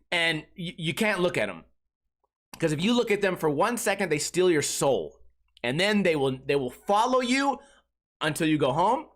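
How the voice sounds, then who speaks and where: Exasperated high-voiced podcast host ranting. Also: male voice. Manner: profane, exasperated storytelling. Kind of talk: casual comedic rant.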